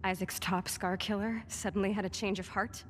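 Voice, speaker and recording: A woman's voice: mid-range voice, steady tone, moderate pace, a little hiss or hum, close to an everyday voice. A woman playing a cold, accusing game character.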